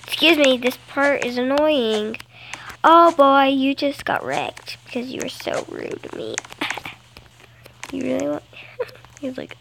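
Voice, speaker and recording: Girl, high lively voice, gravelly edges, chatty game commentary, noisy phone recording. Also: a little slow, pauses often. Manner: playful and chatty, gasps and sings in bursts. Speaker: gameplay vlogger. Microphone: phone screen recorder.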